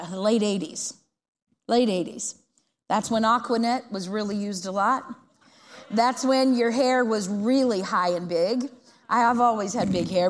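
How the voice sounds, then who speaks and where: A middle-aged woman preacher telling a long, lively story in a church and asking the congregation questions. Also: fairly high pitch, big-room sound. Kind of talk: storytelling sermon.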